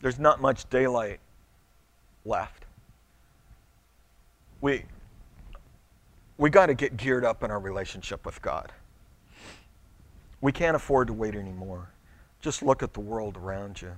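A middle-aged pastor with a medium-pitched voice preaches a sermon conversationally, stumbling through restarts and acting out little quotes.

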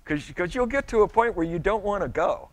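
A man's voice: high voice, animated, a little fast. A middle-aged male pastor preaching a sermon in a conversational way, stumbling over restarts and acting out little quotes.

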